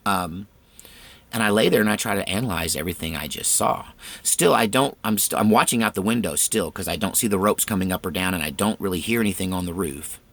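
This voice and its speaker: A man's voice: low voice, brisk, a bit bright. A man earnestly recounting a frightening personal experience in a tense, fervent way. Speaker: storyteller. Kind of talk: personal storytelling.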